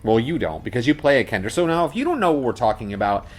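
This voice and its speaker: A man's voice: medium pitch, big pitch swings, fast, breathy edge. A man co-hosting a tabletop gaming podcast in casual, rambling chat with lots of fillers and restarts. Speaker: podcast co-host.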